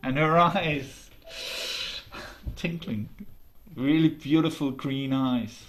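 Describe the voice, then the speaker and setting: A man telling a folk tale aloud, slow and deliberate with long pauses. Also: mid-range voice, a bit bright, faint music behind. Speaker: storyteller. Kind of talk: oral storytelling.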